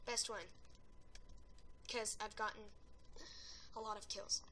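A woman giving excitable gameplay commentary, yelling and gasping at wins and deaths and rambling chattily between rounds. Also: medium pitch, takes it slowly, a little hiss or hum. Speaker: gaming video creator.

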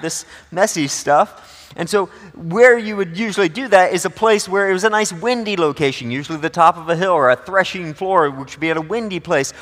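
A man's voice: high voice, bright, forceful tone. A male pastor preaching a sermon in a conversational, joking way, with a long church reverb. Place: church sanctuary.

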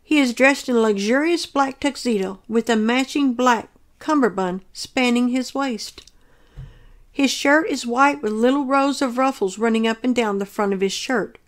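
A woman earnestly reading aloud a detailed account of her own dream in a measured, descriptive way. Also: on the high side.

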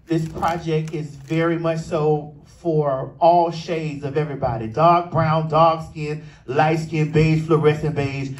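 A man's voice: a little high, fairly even intonation, slow, few pauses. A man addressing a screening audience, playful and exaggerated, heard from a distance. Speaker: event speaker introducing a film. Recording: distant mic in a noisy venue.

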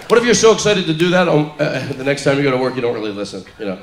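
A man's voice: medium pitch, sing-song, rapid-fire, few pauses. A man performing a live stand-up set in a comedy club, telling stories with mock-earnest delivery and acting out the people in them. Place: comedy club stage before a laughing audience. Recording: echoey live club with crowd noise.

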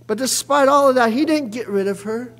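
A man preaching a fervent sermon as pastor, with frequent "uh" fillers and bursts of shouting. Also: very high voice, brisk. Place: church sanctuary. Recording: long hall reverb from a church.

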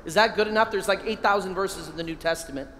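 A middle-aged priest giving a lively keynote talk to a crowd of men, calling out phrases for them to repeat. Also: male voice, sits high, fast talker. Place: large hall. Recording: long hall reverb, faint ambient noise.

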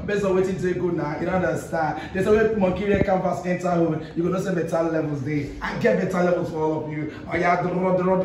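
A man's voice: high-pitched, steady tone, fast, few pauses, darkish tone. A male radio host with a Nigerian Pidgin English accent, running a hyped, laugh-filled studio interview in Pidgin slang. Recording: echoey studio mic from a distance.

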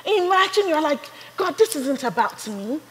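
A woman's voice: high-pitched, big pitch swings, normal speed, long reverb tail, low-quality recording. Fervent woman preaching. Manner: fervent, builds to shouted praise. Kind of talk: sermon.

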